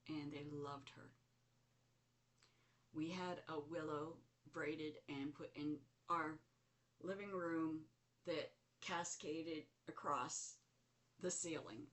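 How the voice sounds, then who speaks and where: Middle-aged female host with a low voice and an unhurried, reflective storytelling delivery. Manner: slow, reflective, animated when recounting. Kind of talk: casual spoken storytelling.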